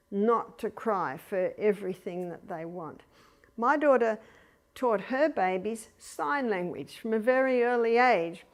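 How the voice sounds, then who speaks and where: An older woman with an Australian accent, giving a lecture on raising children, telling anecdotes with chuckles and softly acting out gentle commands. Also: on the high side. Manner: anecdotal, chuckling, acts out quiet commands to babies. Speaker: speaker on child rearing. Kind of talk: lecture to an audience.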